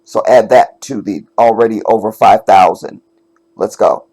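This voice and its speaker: A man's voice: on the low side, unhurried, dark tone. A man hosting casual reaction commentary, talking emphatically and with swearing straight to his viewers. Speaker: commentator host.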